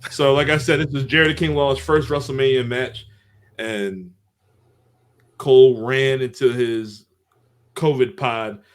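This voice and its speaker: A man's voice: mid-range voice, fairly even intonation, a little slow, pauses often. A man hosting a podcast, loosely recapping a wrestling show with a chuckle here and there. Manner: rambling play-by-play recap, chuckling. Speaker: podcast host. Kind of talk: casual podcast chat.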